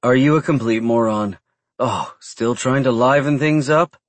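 A man voicing a small, sharp-tongued female vampire with a brisk, sarcastic manner. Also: mid-range voice, dry recording, close to an everyday voice.

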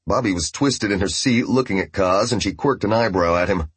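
A man reading a novel aloud as narrator, in a steady storytelling voice. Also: fairly low pitch, fairly quick, hardly any pauses, slightly rough, no room sound. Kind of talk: scripted audiobook narration.

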